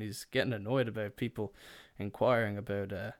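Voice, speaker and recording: A man's voice: lowish voice, fairly even intonation, fairly quick. A young man hosting a podcast, telling rambling, sweary comedic stories and slipping into put-on voices. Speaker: podcast host. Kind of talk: casual comedic storytelling.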